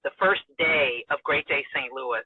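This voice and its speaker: A woman who works as a radio and TV broadcaster tells a personal story as an interview guest, animated and warmly emotional, acting out quoted dialogue and laughing often. Her husky, slightly breathy bass voice is unhurried and comes through a narrow, phone-like band in a very dry recording with no room sound or echo.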